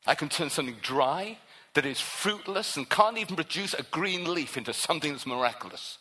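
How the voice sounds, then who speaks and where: A man voicing God as a calm, commanding male figure in a sermon retelling, low and insistent. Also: fairly quick, slightly rough, heavily acted. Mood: assured. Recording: long hall reverb.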